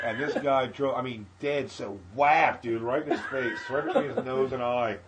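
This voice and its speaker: A man's voice: mid-range voice, normal speed, hardly any pauses, a loud crowd, low-quality recording. A male comedian telling a profane story on a podcast, acting out the people in it. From Philadelphia area. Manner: animated, profane anecdote with acted-out quotes. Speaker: comedian guest.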